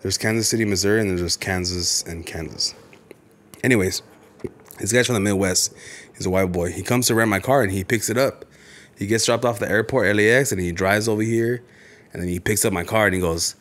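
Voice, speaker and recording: A man's voice: lowish voice, a little fast, a bit bright. A man, co-hosting a podcast as a casual chat, blunt and profane, telling stories. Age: late 20s to 30s. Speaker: podcast co-host.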